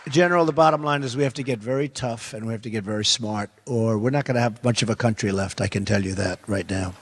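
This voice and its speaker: A man's voice: lowish voice, quick pace, slight background noise. Older man, emphatic and repetitive. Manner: emphatic, repeats short phrases. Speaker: presidential candidate. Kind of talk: unscripted roundtable remarks to an audience. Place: large indoor theater. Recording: long hall reverb, faint crowd.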